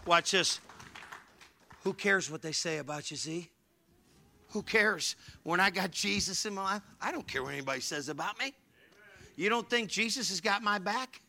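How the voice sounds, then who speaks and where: A man preaching a sermon as pastor, swinging from hushed asides to fervent shouting. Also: on the high side, creaky.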